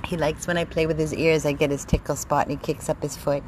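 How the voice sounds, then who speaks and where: A woman hosting a casual live stream from her dog rescue, using gentle baby talk with her dog and chatting with viewers. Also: low voice, flat delivery, fairly quick, a little hiss or hum. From Florida. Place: home with dogs, indoors and out.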